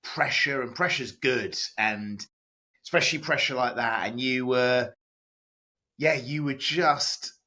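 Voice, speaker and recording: A chatty man tells stories as a podcast guest, his voice bright and forceful. He talks loosely, full of fillers and restarts. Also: medium pitch, takes it slowly. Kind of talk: casual podcast interview.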